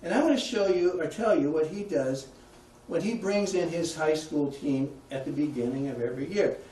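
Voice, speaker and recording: A man's voice: fairly high pitch, moderate pace, warm tone, far from the mic, slight background noise. A man giving a conversational public talk, putting questions to his audience. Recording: echoey room, heard from afar.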